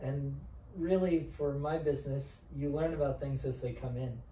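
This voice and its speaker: A talkative Texan man rambles about his auction business in a relaxed interview. He sits away from the mic in an echoey room, with faint noise behind him. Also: mid-range voice, normal speed, distant mic. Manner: talkative, rambling with restarts and asides. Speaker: auctioneer and antiques specialist. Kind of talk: casual interview chat.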